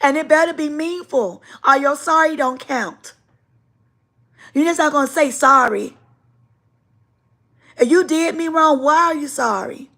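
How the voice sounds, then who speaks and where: A woman's voice: high voice, a little slow, pauses often. A woman hosting a casual livestream, telling stories in an emphatic, repetitive way. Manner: animated, emphatic storytelling with repetition. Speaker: livestream host and teacher.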